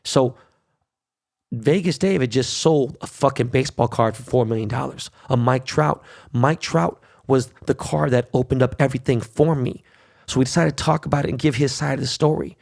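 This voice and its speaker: A man's voice: mid-range voice, normal speed, gravelly, a little mellow. A middle-aged man hosting his own podcast, ranting brashly and cursing a lot. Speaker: podcast host. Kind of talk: solo podcast rant.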